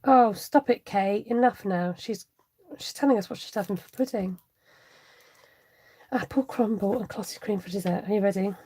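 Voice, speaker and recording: A woman's voice: medium pitch, moderate pace, dark tone, husky. A woman hosting a live craft tutorial, chatty and giggly as she reads out viewer comments. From United Kingdom. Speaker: crafting channel host.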